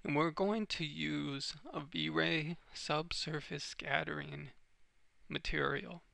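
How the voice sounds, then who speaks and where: A man giving a step-by-step software tutorial over a screen recording, explaining each click as he goes. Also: fairly high pitch, creaky, no room sound.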